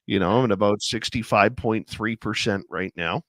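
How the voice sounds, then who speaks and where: A man's voice: on the low side, moderate pace, a bit bright, no echo. A man hosting a talk show while fighting a head cold, chatting in a rambling, easygoing way. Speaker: radio show host. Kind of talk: casual chat.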